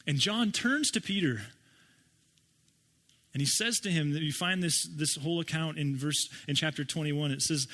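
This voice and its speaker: A man's voice: on the high side, moderate pace, bright, forceful tone. A man preaching a sermon as pastor, in a conversational way, often asking his listeners rhetorical questions.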